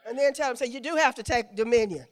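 A woman preaching a sermon in call-and-response, having the congregation repeat phrases, swinging from loud drawn-out exclamations to quick quiet asides. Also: a little high, a faint crowd.

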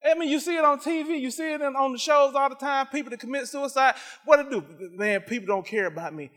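A man preaching a sermon, telling a personal story in an animated way, stammering and repeating himself. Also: very high-pitched, fast talker. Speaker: pastor.

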